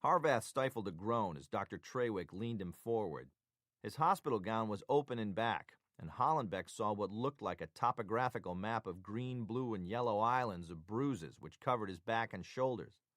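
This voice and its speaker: A man narrating a thriller audiobook in a measured, even way. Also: fairly low pitch, no echo, studio quality.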